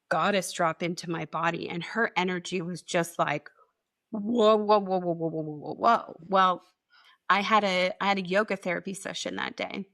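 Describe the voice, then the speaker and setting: A woman's voice: on the low side, creaky, bright, forceful tone. A woman co-hosting a podcast live stream, chatting animatedly, swearing freely and acting out quotes in her stories. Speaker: podcast co-host. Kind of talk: casual chat.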